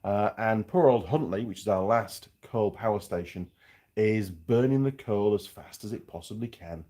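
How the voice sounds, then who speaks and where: A man's voice: on the low side, normal speed, dark tone. A middle-aged man from Yorkshire with a faded Yorkshire accent, a mechanic chatting casually and frankly to viewers on a livestream, with rambling asides. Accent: faded Yorkshire English. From Yorkshire, England. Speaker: mechanic and channel host.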